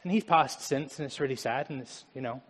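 A young man preaching a lively sermon in a church, laughing often as he talks. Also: medium pitch, fairly quick, big-room sound. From Germany. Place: church sanctuary.

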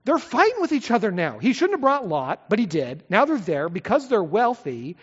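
Animated male preacher in an echoey hall. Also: high voice, normal speed, husky. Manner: lively, conversational preaching with asides and rhetorical questions. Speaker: pastor. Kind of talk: expository sermon. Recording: echoey hall, slightly dull sound.

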